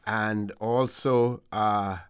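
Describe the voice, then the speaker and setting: A Caymanian man hosts a radio talk show in an easygoing, rambling manner, full of fillers and restarts. His voice sits a bit low. It is close and dry on a studio microphone. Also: fairly even intonation, extremely slow, clear, resonant tone, no echo.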